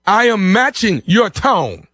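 Male radio prankster, teasing and lively, high voice. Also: slow, no echo, studio quality. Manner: teasing, playful, repeats phrases. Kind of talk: prank phone call and studio banter.

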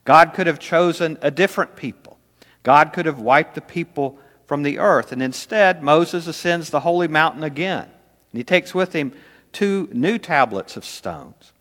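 Male pastor, slightly high voice, earnest sermon delivery, long church-hall reverb. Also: lively intonation, a bit bright. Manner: earnest, slows down to stress key words.

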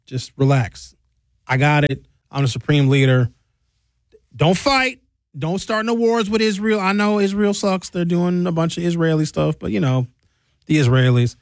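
A man's voice: fairly high pitch, normal speed, dry recording, close to an everyday voice. A man doing a comic impression of an older male supreme ruler, commanding yet casual. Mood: bossy casual.

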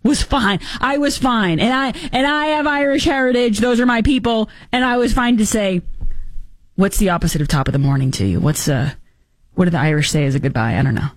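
A woman's voice: mid-range voice, fairly quick, no room sound. A woman hosting a political commentary show, talking in an emphatic, sarcastic and argumentative way.

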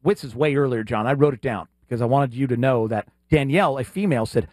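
A man's voice: medium pitch, quick pace, darkish tone, no room sound. Joking radio co-host, man. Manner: playful, joking. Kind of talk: casual banter on a radio show. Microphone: studio mic.

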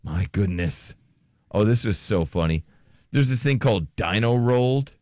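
A man's voice: lowish voice, expressive, normal speed, a little mellow, no echo. Podcast co-host, man, teasing and sarcastic, voice jumps around a lot, dry close sound. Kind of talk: casual chat.

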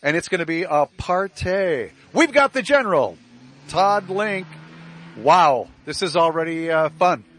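A man's voice: fairly high pitch, animated, a little slow, a bit bright, a little hiss or hum. A man hosting a live community radio broadcast from a sports bar, upbeat and enthusiastic in casual chat. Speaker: radio host on remote broadcast.

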